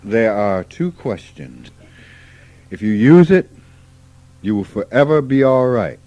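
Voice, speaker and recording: A man in his fifties with a low voice teaches in a slow, unhurried way. His pitch rises and falls a lot as he poses questions and answers them himself. The sound is dull, as on old archival tape. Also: lively intonation, warm tone. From Mississippi, USA. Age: 50s. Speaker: spiritual teacher. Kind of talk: informal spiritual talk to a small group.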